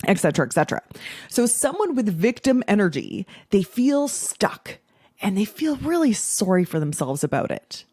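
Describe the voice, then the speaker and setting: A woman's voice: mid-range voice, big pitch swings, moderate pace, mellow, husky, dry recording, studio quality. A woman in her forties hosting a casual podcast monologue as a habits coach, blunt, profane and playful.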